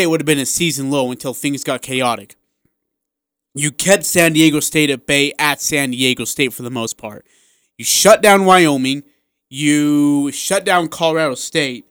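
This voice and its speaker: A man with a slight lisp co-hosting a sports talk radio show, animated and piling up examples in quick bursts. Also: fairly high pitch, smooth, dry recording, studio quality. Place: radio studio.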